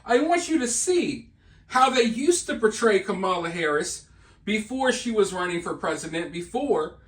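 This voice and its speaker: A man with a very high-pitched voice hosts an opinionated political monologue. He speaks emphatically and with scorn, addressing the viewers directly. The room around him is echoey and reverberant. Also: very animated, normal speed, fairly bright tone. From Southern United States. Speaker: political commentary host.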